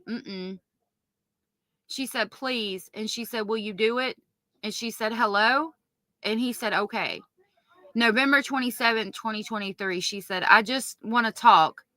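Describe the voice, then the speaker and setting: A woman commenting on a livestream. She reads text messages aloud in a hushed voice, corrects herself often, and breaks off to curse in disbelief. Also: medium pitch, no room sound. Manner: stops to correct herself mid-read. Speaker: true-crime commentator. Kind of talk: livestream commentary reading court evidence.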